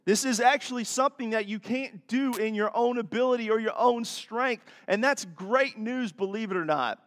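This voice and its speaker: A man's voice: very high voice, moderate pace, a bit bright. A man preaching to his church congregation, folksy and chatty, with friendly asides to the audience. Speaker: pastor. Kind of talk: sermon with jokes. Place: church sanctuary. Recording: long church reverb.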